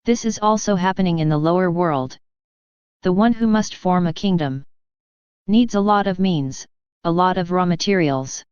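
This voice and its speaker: Brief: woman reading Jesus, gentle and earnest, in a solemn devotional reading; smooth, lower voice, lo-fi sound. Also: moderate pace, dry recording, lightly acted.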